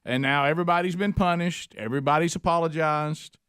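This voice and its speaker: A man's voice: on the high side, steady tone, a little fast, a bit bright, clean tone, no room sound, studio quality. A man hosting a radio talk show, chatting casually and joking with his co-hosts. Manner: chatty, laughing, jokey.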